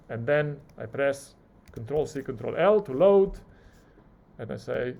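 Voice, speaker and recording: A male lecturer teaching a live coding class, talking through each keystroke and acting out the software's replies. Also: mid-range voice, normal speed, creaky.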